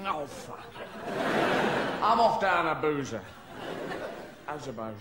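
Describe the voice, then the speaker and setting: High-voiced stand-up man. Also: animated, normal speed, long pauses, big-room sound, a crowd in the background. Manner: rambling, surreal, acts out little voices. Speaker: stand-up comedian. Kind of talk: live stand-up routine. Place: comedy venue with a live audience. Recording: loud live audience laughter.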